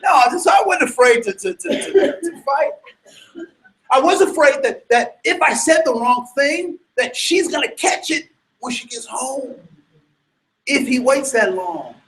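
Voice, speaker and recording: A man telling a personal story to an audience in an animated way, stammering into restarts and breaking into sudden loud bursts. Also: very high voice, a little slow, poor audio.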